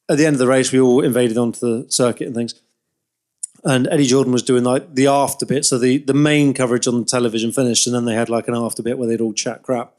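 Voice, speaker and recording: A man's voice: medium pitch, a little mellow. A man in his thirties co-hosting a podcast, telling long rambling anecdotes in casual chat and laughing along. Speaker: podcast co-host.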